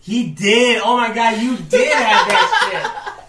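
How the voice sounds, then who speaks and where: A man co-hosting a podcast in casual chat, swearing freely and laughing through animated banter. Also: extremely high pitch, slow pace. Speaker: podcast co-host. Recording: echoey room, far from mic.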